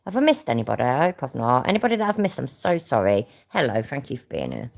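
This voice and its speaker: A woman with a British accent and a low voice reads out a news report and then reacts to it. She is blunt and sarcastic and swears freely. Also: huge pitch swings, quick pace, gravelly. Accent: British English. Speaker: commentary channel host. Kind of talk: reacting to a news story and clip.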